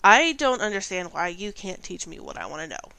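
A woman's voice: medium pitch, normal speed, gravelly, fairly bright tone, clean tone, no echo. A woman voicing an eager, impatient young princess who is a student, talking earnestly and a bit flustered. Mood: pleading.

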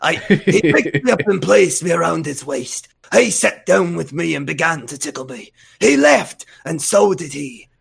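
A man's voice: a little high, animated, unhurried, creaky, hardly any pauses, breathy edge, exaggerated voice. A man voicing a playful male pirate who reads fan fiction in a slightly raised voice.

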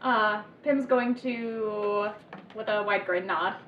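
A woman's voice: mid-range voice, slow pace, highs cut off. A woman playing in a tabletop game, speaking hesitantly as she thinks through her moves. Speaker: player. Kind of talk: casual tabletop game play. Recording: distant, echoey, noisy mic.

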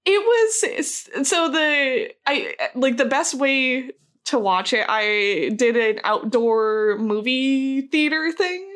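A woman's voice: high voice, animated, slow pace, fairly bright tone. A woman co-hosting a podcast, chatting casually about movies, with lots of fillers and laughter. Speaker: podcast co-host. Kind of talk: casual chat.

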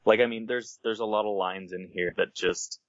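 A man's voice: fairly low pitch, fairly even intonation, normal speed, no echo, lo-fi sound. A man co-hosting a casual movie podcast, jokey and emphatic in his opinions. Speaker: podcast co-host.

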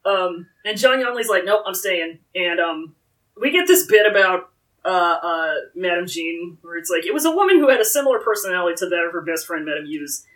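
A woman co-hosting a casual book discussion, recapping the story with a lively voice. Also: fairly low pitch, a little fast, recorded from a distance, rough recording. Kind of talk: casual book-club chat.

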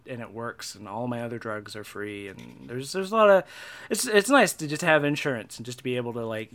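A young man in a casual personal monologue, halting with many restarts and fillers, and a wry, dark humor. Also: medium pitch. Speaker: vlogger.

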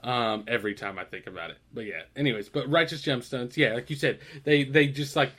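A man's voice: medium pitch, brisk, a bit bright. A young man co-hosting a podcast, chatting casually, swearing freely and laughing as he recalls TV scenes. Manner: swearing, laughing, quoting TV lines. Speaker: podcast co-host. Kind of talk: casual chat.

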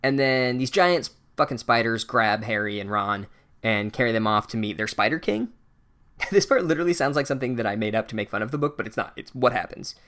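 A man's voice: medium pitch, animated, fairly quick, fairly bright tone. A man runs a casual, comedic book recap in an ordinary mid-range voice. He rambles and swears freely. His running commentary is dry and sarcastic. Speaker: podcast host recapping a book.

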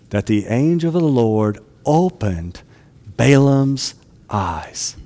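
A man's voice: mid-range voice, warm tone, long reverb tail. A man preaching a sermon in a conversational way, often asking his listeners rhetorical questions.

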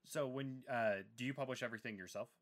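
A man's voice: mid-range voice, fast talker, a bit bright. A man hosting a casual book interview, chatty and enthusiastic with plenty of fillers. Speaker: podcast host.

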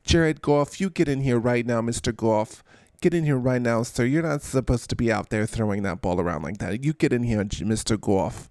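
A man's voice: mid-range voice, moderate pace, darkish tone, no room sound, studio quality, lightly acted. A man voicing a bossy scolding mother. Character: scolding mother calling her grown son indoors.

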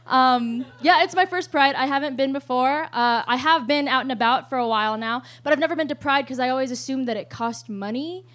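A young adult woman performing a live stand-up set, telling profane, animated stories with loud outbursts and frequent laughter mid-sentence. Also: high-pitched, fairly quick, hardly any pauses. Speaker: stand-up comedian. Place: live show stage.

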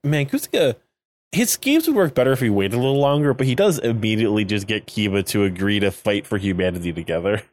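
A man's voice: fairly low pitch, lively intonation, quick pace. A man co-hosting a podcast in casual chat, recapping a show with jokes, laughing often and acting out characters' lines. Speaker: podcast co-host.

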